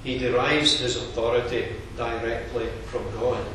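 A man delivers a sermon in a measured, earnest way, explaining the text point by point. His voice sits at an everyday pitch and carries a heavy echo. It sounds recorded from a distance in a large hall, with faint room noise underneath. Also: steady tone, sharp tone. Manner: measured, earnest expository preaching. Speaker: preacher.

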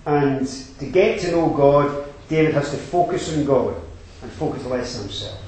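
A man's voice: mid-range voice, animated, moderate pace. Man preaching in a very echoey hall. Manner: rising to emphatic exhortation, then dropping quiet. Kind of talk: sermon.

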